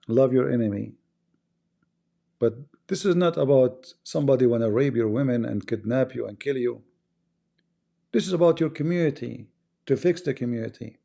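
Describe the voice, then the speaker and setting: Gravelly argumentative man on a livestream. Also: medium pitch, normal speed, long pauses, dark tone. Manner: argumentative, asks rhetorical questions, non-native grammar. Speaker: livestream host. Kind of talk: casual livestream monologue.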